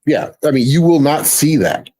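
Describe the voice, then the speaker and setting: Male panelist, mellow dark tone, hesitant, repeats words. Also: a little high, lively intonation, normal speed, husky, poor audio. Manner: hesitant, repeats words while finding his point. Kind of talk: casual panel chat.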